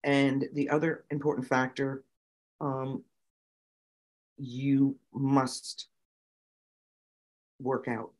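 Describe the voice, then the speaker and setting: A middle-aged woman, a guest on an interview show, telling lively stories with many fillers and giving emphatic advice. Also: rumbling low, extremely slow, pauses often. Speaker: guest, nonprofit founder and autism parent. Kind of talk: conversational storytelling interview.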